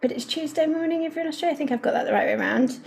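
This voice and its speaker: Woman, early 40s, podcast co-host; high, giggly, chatty delivery. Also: lively intonation, racing, creaky, a little mellow. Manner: giggly, chatty, laughs often. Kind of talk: casual chat, reading listener posts.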